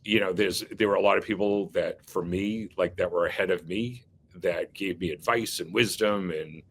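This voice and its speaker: A man's voice: low-pitched, normal speed. A man being interviewed as an agency leader, speaking earnestly with many fillers and restarts. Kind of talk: casual interview talk.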